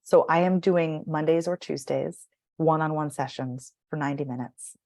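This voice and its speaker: A woman's voice: sits low, moderate pace, a little mellow. A woman speaking as a voice and speech coach in a podcast interview, animatedly demonstrating vocal patterns by acting them out.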